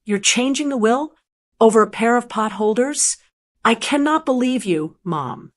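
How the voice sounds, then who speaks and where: A woman's voice: fairly high pitch, lively intonation, a little slow. A woman voicing a furious grown son. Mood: indignant. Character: angry grown son, middle-aged man, hot-tempered.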